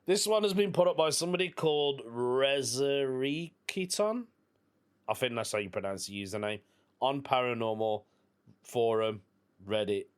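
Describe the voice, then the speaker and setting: A British man talks through a listener's post on his solo podcast in a relaxed, chatty way. His voice sits at a middle pitch, and he keeps breaking in with quick asides and laughs. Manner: chatty, laughs often, reads listener posts aloud with asides. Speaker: podcast host. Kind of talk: casual solo podcast chat.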